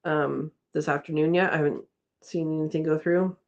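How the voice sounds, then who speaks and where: A woman's voice: low-pitched, fairly even intonation, moderate pace, lo-fi sound. Chatty woman hosting a home livestream. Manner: chatty, laughs often, reads viewer comments aloud. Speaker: host of a live chat. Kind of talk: casual livestream chat reading comments. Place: home, indoors.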